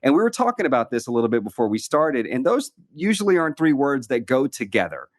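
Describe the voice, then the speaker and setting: A man's voice: mid-range voice, very animated, fast talker, no room sound, clean studio sound. A man hosting a conversational interview, asking earnest, rambling questions full of fillers and restarts. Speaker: podcast host.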